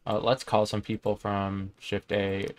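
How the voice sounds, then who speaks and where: A young man casually commenting on a game he plays, reading its text aloud in a low-key way. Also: monotone, measured pace. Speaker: gaming YouTuber. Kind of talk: let's play commentary.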